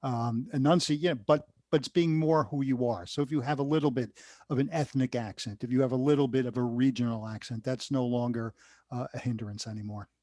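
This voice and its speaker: A man's voice: mid-range voice, fairly even intonation, fairly quick, warm tone, dry recording, clean studio sound. A man from Queens with a New York accent, a broadcaster speaking earnestly on a panel. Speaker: radio broadcaster and teacher. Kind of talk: panel discussion.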